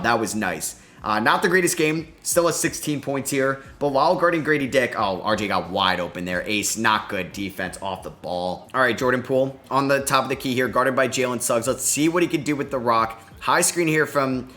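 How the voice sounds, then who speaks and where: Young male gamer, bright forceful voice, groans and cheers through live game commentary. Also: medium pitch, normal speed, few pauses. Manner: excitable, groans and cheers at plays. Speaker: gaming commentator.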